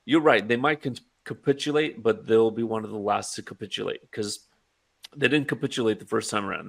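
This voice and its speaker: A man co-hosts a casual political podcast in a low voice with heavy fry. He speaks in a measured way, softening his points and checking for agreement. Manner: measured, hedging with "I mean" and "right?". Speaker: podcast co-host.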